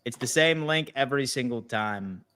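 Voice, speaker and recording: A man's voice: medium pitch, lively intonation, normal speed, pushed and bright, smooth, no room sound. A man hosting a casual podcast, laid-back and joking as he reads the chat. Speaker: podcast host.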